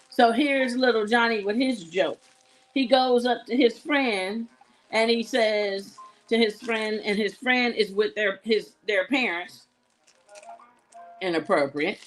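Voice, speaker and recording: A woman hosting a live jewelry sale show, chatting casually and giggling as she talks to her viewers. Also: medium pitch. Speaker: live shopping show host selling jewelry. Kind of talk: casual live-stream sales chat.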